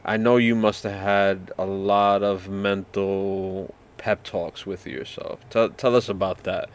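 A man hosting a podcast, asking his guest gentle, probing questions. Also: low voice, steady tone, takes it slowly. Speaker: podcast host. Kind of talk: interviewing a guest.

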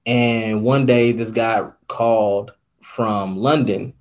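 A man's voice: on the low side, steady tone, takes it slowly. A young man talking earnestly as an interview guest, reflective and full of fillers. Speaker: guest, podcaster and radio host. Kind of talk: casual interview talk.

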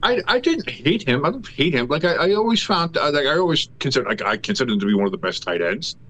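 A man co-hosting a casual sports podcast, talking in a rambling, halting way with many fillers and restarts. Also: on the high side, sing-song, a bit bright. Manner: rambling, halting with many fillers, then a profane ranting tirade.

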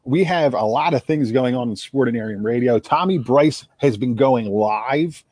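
A man's voice: medium pitch, moderate pace, darkish tone, breathy edge, no echo. A man with a South Jersey accent co-hosting a sports radio show, chatty and rambling, repeating words as he thinks. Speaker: podcast co-host. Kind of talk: casual sports radio chat.

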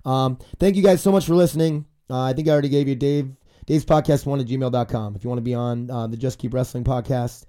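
A man's voice: mid-range voice, steady tone, fast, warm tone. Congested, profane American man in his forties. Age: 40s. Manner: profane, rambling, ranting. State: congested, stuffy from a cold. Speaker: podcast host. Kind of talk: casual podcast monologue.

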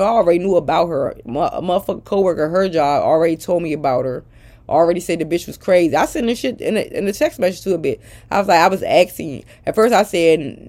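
Woman, middle-aged, lower voice, blunt, profane, confrontational rant. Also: fast talker, a little mellow. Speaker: social media personality. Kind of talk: casual rant to followers.

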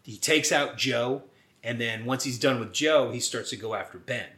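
A man co-hosting a podcast in casual chat, animated and swearing as he acts out lines from a movie. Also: medium pitch, normal speed, reverberant. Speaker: podcast co-host.

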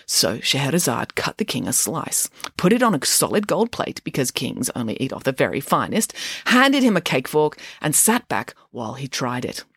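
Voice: medium pitch, very animated, moderate pace, fairly bright tone, slightly rough, dry recording, clean studio sound. A narrator reading a comic story aloud in a playful way, full of asides.

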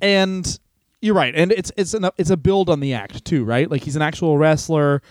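A man's voice: a little high, moderate pace, dry recording, clean studio sound. A man co-hosting a comedy podcast in casual chat, rambling with restarts and laughing often. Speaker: podcast co-host.

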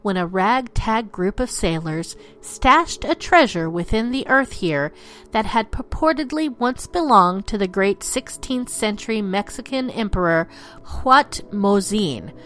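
Playful woman host spinning dark legends. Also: mid-range voice, lively intonation, unhurried. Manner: playful, theatrical, slips into pirate talk. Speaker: podcast host. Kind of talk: storytelling narration of dark legends.

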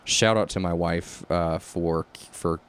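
A man co-hosting a casual podcast chat, animated and often laughing. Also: low-pitched, slow, clear, resonant tone. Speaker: podcast co-host.

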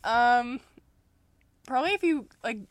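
A woman's voice: on the high side, expressive, brisk, a bit bright, dry recording. A young woman co-hosting a casual podcast chat, laughing easily and humming while she thinks. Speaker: podcast co-host.

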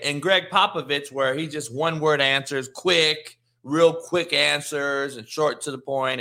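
A man's voice: mid-range voice, vocal fry, pushed and bright. A man hosting a sports talk show, ranting heatedly with a lot of swearing and emphatic repetition. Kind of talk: profane sports rant.

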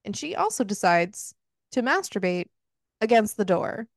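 A woman's voice: medium pitch, very animated, moderate pace, no room sound, clean studio sound. A woman hosting a book club podcast, recapping a novel in casual, frank and profane chat, laughing often.

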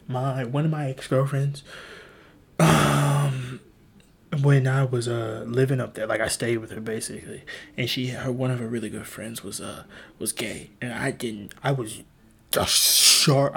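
A man's voice: medium pitch, creaky, a bit bright, husky. A young man hosting a podcast, rambling in casual chat with frequent stammering restarts. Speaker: podcast host.

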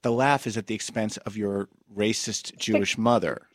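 Low-voiced chatty male podcast host. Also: fairly even intonation, no room sound. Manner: chatty and quick to laugh. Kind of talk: casual interview chat.

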